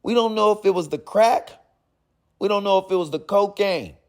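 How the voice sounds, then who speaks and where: A young adult man, giving comedic, mocking commentary while reading chat messages aloud in animated bursts. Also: high-pitched, moderate pace, vocal fry. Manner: animated, mocking, rhyming riffs. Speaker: gaming commentator reading chats.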